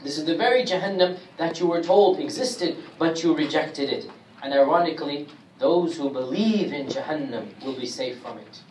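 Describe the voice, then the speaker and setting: A man teaching a Quran commentary class, speaking emphatically and reciting Arabic verses rapidly. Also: on the high side, darkish tone. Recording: echoey room, distant mic, faint hiss.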